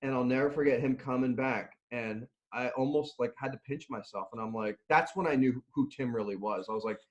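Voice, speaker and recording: A man's voice: medium pitch, fairly quick, lo-fi sound. A middle-aged man, a nutrition and strength coach, telling stories in a casual interview, laughing and restarting often. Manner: animated, laughing storyteller with many restarts.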